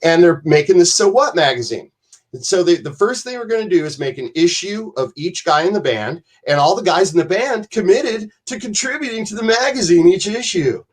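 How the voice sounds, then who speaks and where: A man's voice: high voice, sing-song, a little fast, husky. A man guest telling rambling, profane backstage stories and acting out other people's lines. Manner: profane, rambling, acts out quoted voices. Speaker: podcast guest. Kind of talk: animated storytelling.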